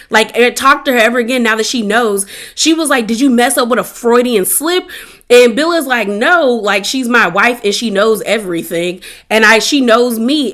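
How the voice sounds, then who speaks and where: A woman talks through a TV episode in a casual recap, her voice sitting a touch high. She jumps between telling the story and voicing the characters' lines, often breaking off to exclaim her own reactions. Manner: animated, retells scenes with quoted dialogue, exclaims. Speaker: TV recap vlogger.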